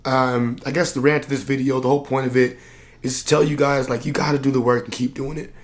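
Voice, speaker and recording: A man who works as a coach, talking candidly to camera in a vlog, earnest and reflective, and tired and low on energy. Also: little pitch movement, fast talker. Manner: earnest, reflective, plain-spoken with many "like" fillers. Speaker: personal development coach and vlogger.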